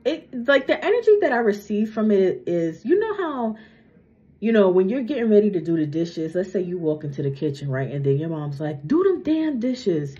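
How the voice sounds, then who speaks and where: Speaking briskly and expressively in a mellow, medium-pitched voice, a young woman acting as a psychic medium chats her way through a reading. She keeps adding "right?" and "okay?", and a retainer slightly slurs her words on this muffled, lo-fi recording.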